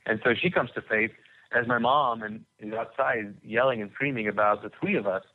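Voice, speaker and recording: Heard through a tinny line that sounds like a phone, a podcast guest with a medium-pitched voice recounts his story at normal speed. The conversational testimony wanders, and he keeps restarting and repeating words.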